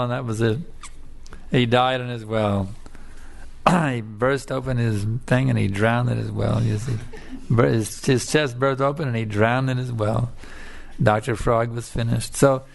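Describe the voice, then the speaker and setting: A man's voice: mid-range voice, creaky. A man preaching a scripture lecture in a storytelling manner, repeating his points with emphasis.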